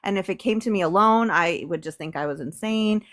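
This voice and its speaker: A woman's voice: medium pitch, a little fast. A woman co-hosting a livestream chat, musing aloud and laughing easily. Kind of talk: casual chat.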